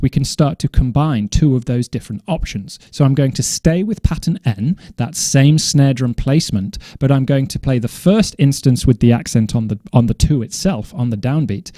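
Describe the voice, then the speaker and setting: A man teaching drum coordination in a measured, methodical way, now and then correcting himself as he explains. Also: mid-range voice, warm tone, no echo, clean studio sound. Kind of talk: instructional explanation.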